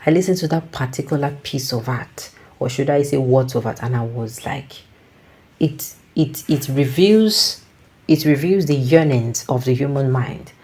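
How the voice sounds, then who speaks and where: Low, mellow Nigerian woman commentator. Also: moderate pace, breathy edge. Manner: reflective, mixes in Pidgin, frequent restarts. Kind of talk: casual commentary.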